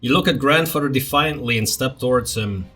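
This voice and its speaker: A let's play host reads the game's text aloud like a storybook and breaks off for blunt comments. His voice sits at a middle pitch. Faint music plays under him. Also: a little fast, sharp tone. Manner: dramatic storybook reading, blunt asides. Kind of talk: reading game text aloud with casual comments.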